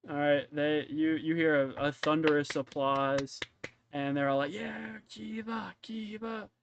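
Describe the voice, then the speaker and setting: A man narrating as game master in a tabletop game, in a casual, halting way with many fillers. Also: a little high, completely flat delivery, muffled recording, background noise.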